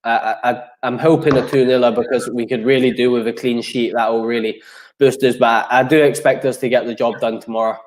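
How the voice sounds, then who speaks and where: A man's voice: medium pitch, flat delivery, brisk. A man with a mid-range voice co-hosts a casual football chat. He stumbles and restarts as he speaks, and he ribs his co-host. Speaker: podcast co-host.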